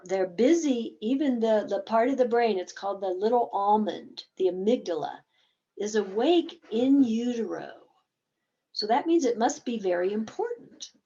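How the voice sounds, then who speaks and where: A woman's voice: fairly high pitch, warm tone, highs cut off. A woman therapist explaining a game in a conversational teaching talk, acting out bits of dialogue as examples.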